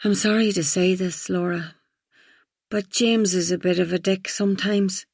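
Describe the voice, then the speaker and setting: A woman's voice: mid-range voice, fairly even intonation, normal speed, a little mellow, no room sound, studio quality, natural voice. A woman reading an audiobook, voicing a tipsy, blunt middle-aged friend who talks frankly with a slight slur. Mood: blunt confiding. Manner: slightly slurred, frank and rambling.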